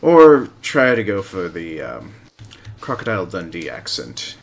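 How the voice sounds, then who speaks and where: A man's voice: low-pitched, huge pitch swings, a little slow, vocal fry. A man streaming a hunting game live, giving casual gameplay commentary with rambling, self-mocking asides.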